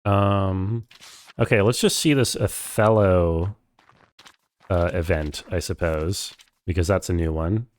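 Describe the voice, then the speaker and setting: Wry low-voiced man streaming a game. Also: slow. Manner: chatty, wry, thinks aloud. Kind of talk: casual gameplay commentary.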